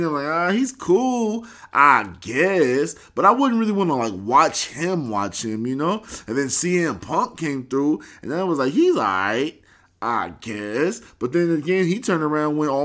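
A man's voice: a little high, fairly bright tone. A man talking casually on a podcast, rambling and swearing freely in a laid-back way.

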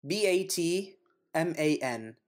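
A woman's voice: lowish voice, expressive, slow pace, darkish tone. A woman co-hosting a podcast in casual chat, rambling through stories and giggling often. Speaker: podcast co-host.

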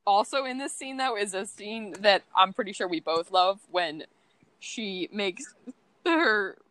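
A young woman co-hosting a podcast, chatting casually and relaxed, saying "like" often. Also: medium pitch, a little slow, clean tone, dry recording. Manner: relaxed, says "like" a lot. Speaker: podcast co-host. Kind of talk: casual chat.

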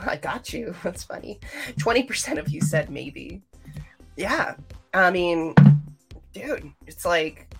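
A woman's voice: lowish voice, expressive, slow pace, creaky, long pauses, soft background music. A woman hosting a livestream, chatting casually and rambling straight to her viewers. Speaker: livestream host.

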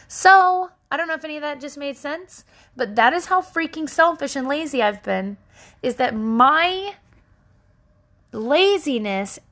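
Podcast host, woman, thirties, bright and chatty, candid, self-mocking storyteller who swears freely. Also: high-pitched. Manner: self-deprecating, laughs at herself.

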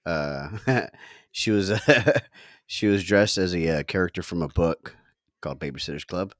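A man's voice: low-pitched, measured pace, no echo, studio quality. A middle-aged man chatting casually on a podcast, laughing often and swearing as he tells a story. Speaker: podcast co-host. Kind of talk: casual chat.

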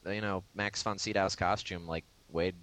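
A man's voice: sits low, fairly even intonation, normal speed, fairly bright tone, low-quality recording. A man co-hosting a podcast, talking casually about films with frequent laughs and fillers. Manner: chatty, laughs often, many fillers. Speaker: podcast co-host. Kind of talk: casual film discussion.

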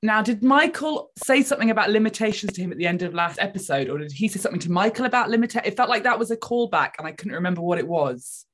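A woman talks through an episode she has just watched, reacting openly and with feeling. Her voice sits at an ordinary middle pitch, and she speaks in a relaxed, conversational way as a podcast co-host. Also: quick pace, few pauses. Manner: expressive, opinionated reactions. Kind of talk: casual TV discussion.

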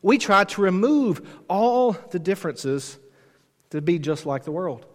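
A man's voice: sits high, lively intonation. Man preaching in an echoing church. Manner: emphatic preaching that slows on key lines. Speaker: pastor. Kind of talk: expository sermon. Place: church sanctuary. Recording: long reverb from a church hall.

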